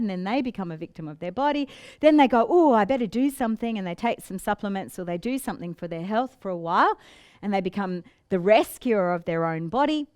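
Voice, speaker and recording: A woman's voice: on the high side, darkish tone, clean tone, dry recording, studio quality. A middle-aged woman coach explaining relationship patterns in a teaching monologue, often slipping into quoted voices. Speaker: business coach.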